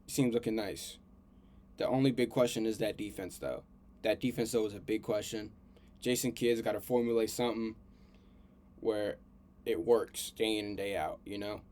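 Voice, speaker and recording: A man's voice: lowish voice, normal speed. A man hosting a podcast, giving casual sports commentary in a slangy, repetitive, heated way. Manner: repeats himself, slangy and animated, heated rants. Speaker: podcast host.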